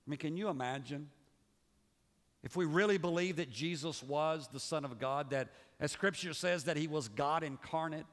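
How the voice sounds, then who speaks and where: A male pastor preaching a sermon, swinging between raised, emphatic passages and hushed, low ones. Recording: long reverb of a large hall.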